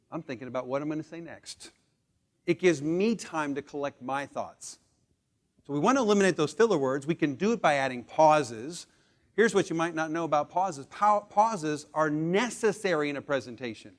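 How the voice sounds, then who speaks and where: A man in his forties leading a presentation skills training, emphatic, shifting from quick bursts to slow deliberate pauses. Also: a little high. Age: 40s. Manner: emphatic, swings between punchy speed and slow deliberate pauses. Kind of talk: live training talk to a room.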